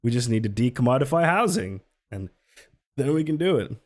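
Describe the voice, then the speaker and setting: A streamer giving sarcastic, laughing, animated commentary on a live stream. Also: mid-range voice, fairly quick.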